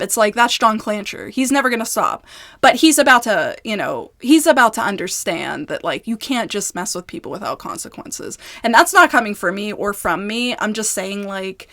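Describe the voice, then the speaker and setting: A young woman on a casual vlog, telling a long story in a rambling, exasperated, animated way. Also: medium pitch, moderate pace. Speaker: YouTuber.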